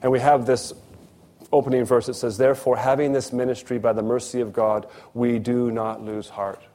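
A man's voice: mid-range voice, little pitch movement, normal speed, mellow. A man delivers a sermon in a mid-range voice, weaving a personal story into his preaching. He acts out the voices in the dialogue with animation.

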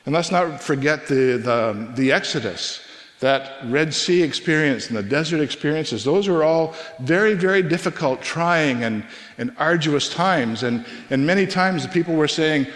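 A middle-aged man preaching a sermon as a pastor, earnest and conversational, with pauses and restarts. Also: a little high, a bit bright. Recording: long reverb of a hall.

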